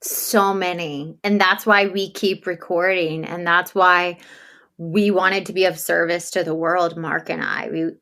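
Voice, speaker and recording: A woman's voice: fairly low pitch, little pitch movement, unhurried, a bit bright. A woman being interviewed about her podcast, answering in an earnest, chatty way and laughing easily. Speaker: podcast host as guest. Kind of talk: casual conversational interview.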